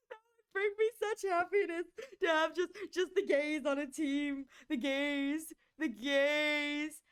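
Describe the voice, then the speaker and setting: A woman with a Northern US accent chatting casually on a live stream, bubbly and excitable, often laughing. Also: sits high, slow pace.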